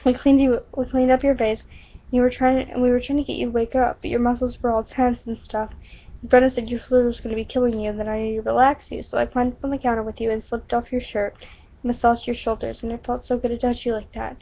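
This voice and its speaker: A woman's voice: fairly high pitch, level tone, fast talker. Woman reading as a tender teenage boy. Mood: earnest. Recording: dull lo-fi home recording.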